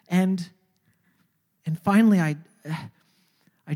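A speaker recounts a personal faith testimony in a halting, conversational way, often doubling words before pressing on. The voice sits at an ordinary middle pitch. It rings with a long, hall-like reverb. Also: animated, warm tone. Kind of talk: personal storytelling.

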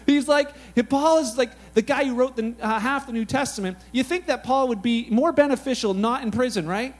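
A pastor with a very high voice speaks at normal speed, preaching in a casual, animated, conversational style. He tells Bible stories sprinkled with lots of "like" and "you know."

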